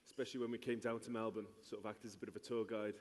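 A man from Wales with a Welsh accent, a rugby player answering on stage in a good-humoured, relaxed way. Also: on the low side, racing. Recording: long reverb in a big hall.

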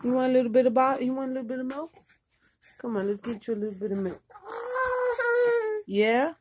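A woman's voice: on the high side, fairly even intonation, fairly quick, noisy background. An older woman, a grandmother, chatting playfully and cooing at her grandson while feeding him. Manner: playful, cooing and teasing at the baby. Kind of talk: casual talk while feeding a baby.

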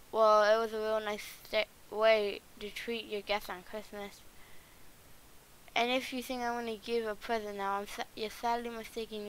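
A woman's voice: mid-range voice, a little hiss or hum, close to an everyday voice, rough recording. A woman reading the lines of a grumpy male ogre in a plain read-aloud way.

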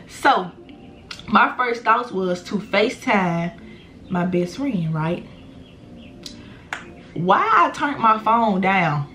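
A young adult woman vlogger telling a storytime straight to her viewers. She talks in an animated, slangy way and swears freely. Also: medium pitch, takes it slowly, pauses often, a little hiss or hum. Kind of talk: storytime vlog.

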